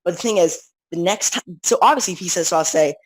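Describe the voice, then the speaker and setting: A teenager talks in a loose, rambling way, circling back with constant restarts and fillers. The pitch sits in the middle range. The recording is dry and close, with no room sound. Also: fast, no room sound, low-quality recording. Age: teens. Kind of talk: casual chat.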